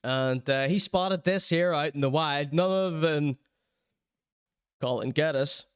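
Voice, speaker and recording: A man's voice: a little high, takes it slowly, smooth, no room sound, studio quality. A man hosting a podcast, chatting casually and laughing often while he comments on clips. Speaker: podcast host.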